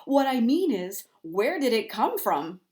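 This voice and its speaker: A woman voicing a bossy, huffy male duck in a children's storybook, scolding loudly and indignantly in a raised voice. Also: on the high side, big pitch swings, a little slow.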